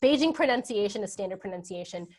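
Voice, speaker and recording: A woman's voice: medium pitch, lively intonation, fast, a little mellow, soft background music. Woman academic fielding questions; tentative, filler-heavy, asks "right?" a lot. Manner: thinking aloud, many ums and "right?" checks; hedging with "sort of" and "like". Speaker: guest speaker, history professor. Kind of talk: academic Q&A answers.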